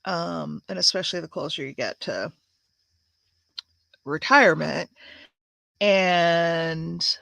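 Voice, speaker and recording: Slow gravelly woman in her sixties. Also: fairly low pitch, steady tone, a bit bright, no echo. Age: 60s. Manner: chatty, reads viewer comments aloud, many fillers. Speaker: crafts channel host. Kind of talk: casual live-stream chat.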